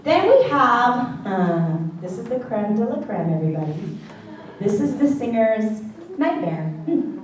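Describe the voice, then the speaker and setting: In an echoey classroom or church hall, heard from a distance with faint background noise, a woman teaches a worship singing class through a handheld mic. As a vocal coach she's chatty, playful, and very animated, singing short exercises to demonstrate each point. Her voice is fairly high and her pace unhurried.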